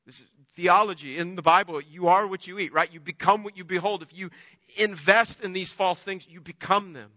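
High, bright-voiced man preaching. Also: steady tone, a little fast, no room sound, highs cut off. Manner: earnest, emphatic preaching with rising rhetorical questions. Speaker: pastor. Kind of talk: sermon.

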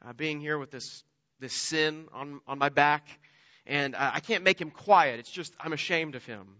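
A man's voice: on the high side, moderate pace, sharp tone, no room sound, in a large hall, dull audio. A man voicing an ashamed, hesitant grown man within a sermon story. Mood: sheepish. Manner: hesitant, sheepish.

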